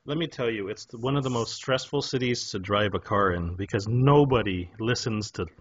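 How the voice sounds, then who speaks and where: A man's voice: lowish voice, normal speed, slightly rough. A man in a casual podcast chat, chiming in with wry, sarcastic remarks. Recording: dull lo-fi sound.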